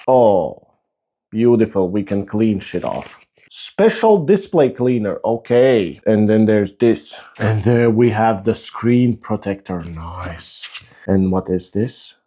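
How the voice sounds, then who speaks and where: A man talks through a phone unboxing in a loose, casual way. His voice is warm and mellow, and he swears freely, rants in frustration and jokes at his own expense. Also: lowish voice, expressive, slow. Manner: exasperated, swearing, self-mocking rambling. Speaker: tech YouTuber.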